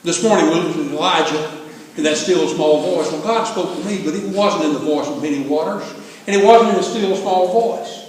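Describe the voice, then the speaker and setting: A man's voice: a little high, a little fast, recorded from a distance, slight background noise. Folksy older man preaching in echoey hall. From American South. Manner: folksy storytelling, joking. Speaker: pastor. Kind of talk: sermon. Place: large church sanctuary.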